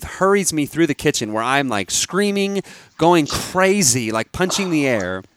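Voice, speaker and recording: Here the co-host, a man in his thirties, sounds a little high and measured, with slight background noise behind him. His long story comes out animated and full of restarts, punctuated by laughter and sudden shouts.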